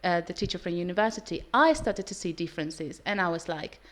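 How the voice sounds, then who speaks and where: A woman's voice: fairly low pitch, a little fast. A woman, not a native English speaker, teaching English in a casual, earnest vlog to her students. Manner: earnest, with some restarts.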